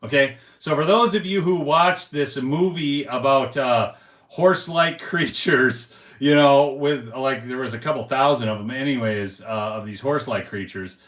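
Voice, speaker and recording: A man hosts a casual commentary show in a rambling, folksy manner. He stops and restarts often and fills gaps with "uh" and "you know". His voice sits at a middling pitch, and the room around him gives a noticeable echo. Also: normal speed, few pauses, a bit bright. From United States. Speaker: host of a political commentary show. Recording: roomy echo.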